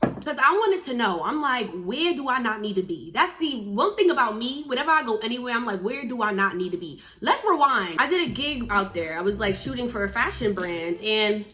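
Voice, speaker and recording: A woman's voice: on the high side, a little fast. A young woman from New Jersey, vlogging in a casual, chatty storytelling style and acting out the quotes. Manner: chatty, animated, acts out quotes.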